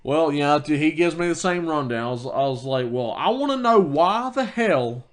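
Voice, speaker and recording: Animated and a little high-pitched, a man co-hosting a podcast recounts a heated story at normal speed. It's casual chat, with him heatedly quoting himself and starting over many times.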